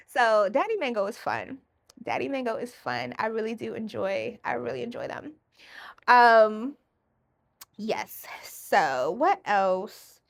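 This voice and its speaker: A woman hosting her own podcast in a casual solo monologue, animated and profane, often acting out other voices. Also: medium pitch, a little slow. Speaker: podcast host.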